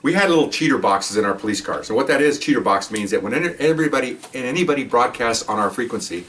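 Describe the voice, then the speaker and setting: A man's voice: medium pitch, lively intonation, quick pace, fairly bright tone, recorded from a distance, a little hiss or hum. An older man, a retired police officer, telling a patrol story in a casual, rambling way full of asides and "okay?" check-ins.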